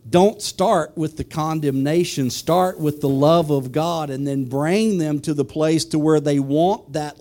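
Guy preaching, mellow warm voice, asks the crowd stuff then tells a story. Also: on the high side. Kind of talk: sermon with a personal story.

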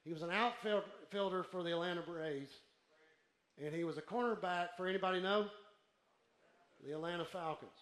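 A man preaching a sermon to a congregation, calling out for responses and building to shouts. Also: sits high, moderate pace, pauses often, roomy sound. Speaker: pastor. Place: church.

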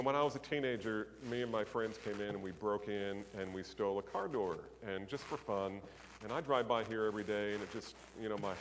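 A man in the middle of a sermon, spinning a story with lively, acted-out dialogue and sudden jumps to a louder voice. His voice rings with the long reverb of a large hall, over a faint hum of ambience. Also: lowish voice. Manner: animated storytelling, acting out characters with raised voice. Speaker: preacher.

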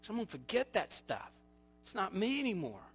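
A male pastor preaching a sermon, animated and storytelling, acting out quoted voices, then dropping to quiet appeals. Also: high voice, a little fast, breathy edge, big-room sound, faint music behind.

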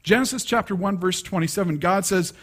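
A man's voice: high-pitched, brisk, a bit bright, breathy edge. A young adult man preaching a sermon in a conversational way, full of asides and restarts. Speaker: pastor.

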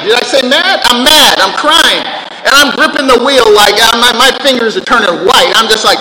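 A pastor preaching a sermon, animated, swinging from loud outbursts to quiet low reading of scripture. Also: male voice, normal speed. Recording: echoey hall with long reverb.

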